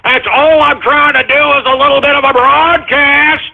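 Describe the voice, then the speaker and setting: A man hosting a radio show, ranting and yelling insults at callers. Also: extremely high pitch, level tone, moderate pace, vocal fry. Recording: tinny phone-quality line.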